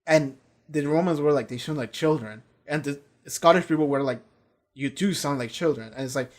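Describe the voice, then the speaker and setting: A man's voice: fairly high pitch, moderate pace. A young man giving a casual, rambling spoken review, swearing freely and acting out quotes. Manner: rambling and profane, acts out quotes. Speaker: reaction video host.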